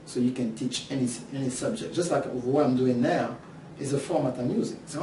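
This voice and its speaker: A French-accented man pitches his online course, animating each point and playing the voices of eager students. His tone is mellow and a touch dark. He sits back from the mic in an echoey room, with faint ambience behind him. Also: brisk, distant mic, a little hiss or hum. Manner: animated, acts out imagined questions from students. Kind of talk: course preview talk to camera.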